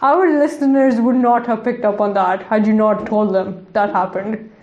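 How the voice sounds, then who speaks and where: A woman's voice: medium pitch, fairly even intonation, moderate pace, phone-quality sound. A woman co-hosting a podcast in casual chat, laughing often and talking with plenty of fillers. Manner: chatty, giggly, lots of fillers. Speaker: podcast co-host. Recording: roomy echo.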